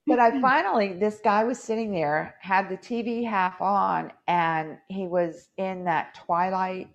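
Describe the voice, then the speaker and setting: A woman's voice: mid-range voice, a little slow, highs cut off. A woman hosting a podcast in casual chat, rambling through stories with acted-out quotes. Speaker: podcast host.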